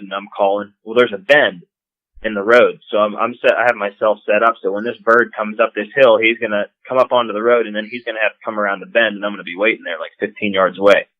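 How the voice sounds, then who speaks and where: A man's voice: on the low side, no echo, narrow, tinny audio. A man casually telling hunting stories as a podcast guest, laughing often as he talks. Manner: laughing, animated storyteller. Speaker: guest, call maker. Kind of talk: casual storytelling.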